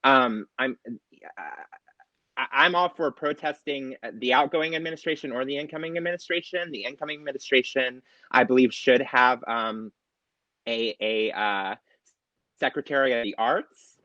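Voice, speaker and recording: Halting, emotional drag performer man. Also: mid-range voice, bright, forceful tone, no echo, muffled recording. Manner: halting, many fillers, emotional. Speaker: drag performer and guest asking a question. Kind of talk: earnest personal question.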